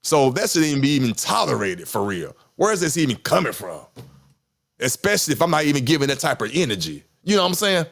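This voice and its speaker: A man's voice: a little high, big pitch swings, fast, gravelly, fairly bright tone. A man, talking candidly in casual chat, rambling, repeating himself and swearing. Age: 50s. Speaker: podcast host.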